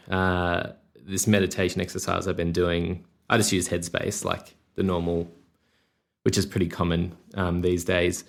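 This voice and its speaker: A young Australian man with an Australian accent, talking casually and rambling through a solo podcast with many fillers. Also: deep voice. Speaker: podcast host and musician.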